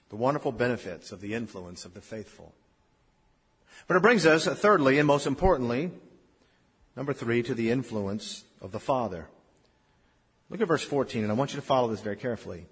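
A husky-voiced male pastor in his fifties preaches to his congregation, his voice ringing with a long reverb through the church hall. He tells personal stories, building to loud emphatic lines and then dropping to a near hush. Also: medium pitch. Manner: storytelling preacher, swings from loud emphasis to hushed. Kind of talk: sermon. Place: church sanctuary.

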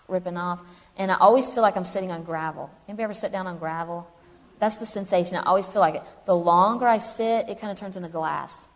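Woman, humorous testimony speaker, mid pitch, reverberant hall. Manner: chatty, humorous, animated storytelling. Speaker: speaker telling her story. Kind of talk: personal testimony to a live audience.

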